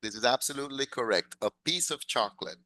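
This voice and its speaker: Man, english teacher, bright voice, dry close sound, patient, repeats words. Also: mid-range voice, fast talker, no echo, low-quality recording. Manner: patient, repeats and corrects words, praises students. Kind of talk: classroom lesson mixing English and Spanish.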